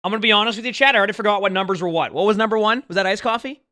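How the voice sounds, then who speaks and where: A man's voice: sits high, very fast, pushed and bright, dry recording, studio quality. A man streaming live, rambling casually and talking to his chat. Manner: rambling, chatty, talks to chat.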